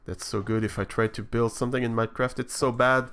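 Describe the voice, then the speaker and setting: Guy streaming and musing out loud, kinda gravelly, lots of restarts, soft music under it. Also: medium pitch, fairly even intonation, quick pace. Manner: hesitant, many restarts and fillers, reflective. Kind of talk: casual live-stream chat while building.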